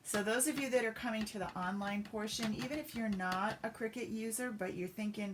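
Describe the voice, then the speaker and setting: A woman's voice: a little high, very animated, fast, few pauses, slight background noise. A woman giving a chatty step-by-step craft demonstration on a live stream, greeting viewers as she works. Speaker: papercraft demonstrator.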